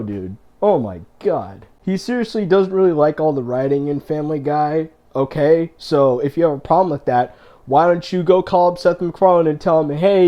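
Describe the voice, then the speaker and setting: A man's voice: on the high side, mellow. A man ranting in a video, exasperated and profane as he complains about other creators. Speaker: YouTuber. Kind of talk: rant video.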